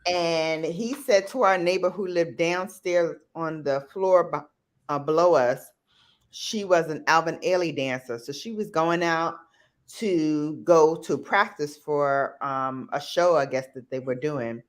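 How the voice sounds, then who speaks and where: A woman with a New York accent hosting a live stream, telling stories in casual, animated chat with loud playful outbursts. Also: low voice, unhurried.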